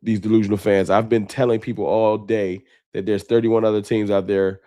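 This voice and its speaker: A man's voice: lowish voice, flat delivery, a little fast, mellow, no room sound, studio quality. A man hosting a late-night sports fan livestream, talking off the cuff with emotion and slang. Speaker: sports fan show host.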